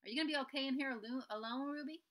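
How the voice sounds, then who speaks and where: A woman's voice: high-pitched, very fast, fairly bright tone, pitched above the performer's own voice. A woman voicing a colorful male frontier sidekick and former preacher, with a folksy western drawl. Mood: chatty.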